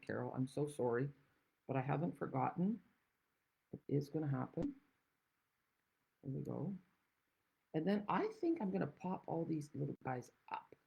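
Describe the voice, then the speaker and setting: A woman's voice: sits low, gravelly, mellow, slightly rough, rough recording. A woman from the Netherlands hosting a card-making tutorial, chatting with rambling, self-deprecating asides. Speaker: craft demonstrator and channel host.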